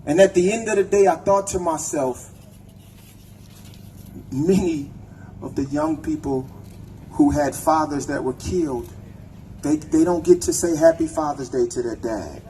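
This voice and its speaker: A man's voice: on the high side, unhurried, long pauses, warm tone, slight background noise, poor audio. A man giving a raw, profane speech at an outdoor protest, leading the crowd in chants. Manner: angry, profane, leads chants. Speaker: protest speaker. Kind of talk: impassioned rally speech.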